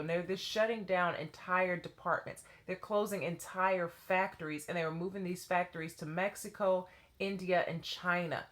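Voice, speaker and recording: Animated woman with a lower voice telling a story. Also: moderate pace. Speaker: former children's dance teacher. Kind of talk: personal storytelling vlog.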